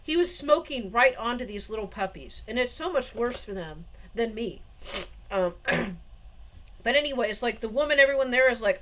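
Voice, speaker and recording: A woman's voice: high-pitched, expressive, normal speed, a bit bright. A woman vlogger telling a long, meandering story in a casual monologue, with frequent laughs. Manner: rambling, meandering, laughs often.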